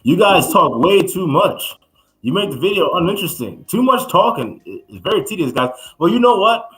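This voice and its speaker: Bright, high-pitched ranting man. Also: very animated, moderate pace, poor audio. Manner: heated, ranting, profane. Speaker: podcast co-host. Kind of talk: casual reaction commentary.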